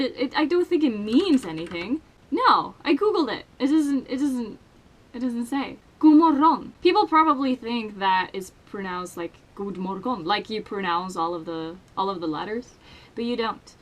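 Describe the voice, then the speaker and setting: A young woman from Sweden with a Swedish accent, chatting casually to camera in a crude, self-mocking, playful way. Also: fairly high pitch. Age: young adult. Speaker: vlogger. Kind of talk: casual vlog chat. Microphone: headphones with desk mic.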